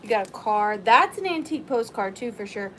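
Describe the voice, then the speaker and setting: A woman hosting a live-stream sale, chatting excitedly and greeting viewers by name. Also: medium pitch, fairly quick, slight background noise, rough recording. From Southern US.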